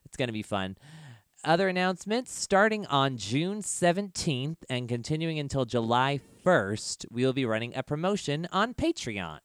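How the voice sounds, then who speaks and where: A man's voice: mid-range voice, very animated, normal speed, smooth, no echo, clean studio sound. A man hosting a tabletop game podcast, reading announcements in an upbeat, chatty way. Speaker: podcast host.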